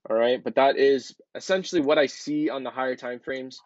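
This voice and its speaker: A man's voice: medium pitch, steady tone, a little fast, darkish tone, dry recording, highs cut off. A man casually talking viewers through trading charts in a loose, chatty way, with plenty of ums and filler words. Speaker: trading educator. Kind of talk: casual screen-share chart walkthrough.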